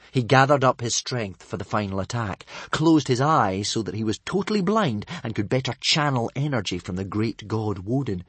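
A man narrating a children's storybook in a lively, expressive reading. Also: medium pitch, husky, no echo. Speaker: audiobook narrator.

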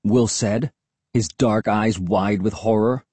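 A man narrating a first-person audiobook in a measured, even storytelling manner. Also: lowish voice, husky, no room sound.

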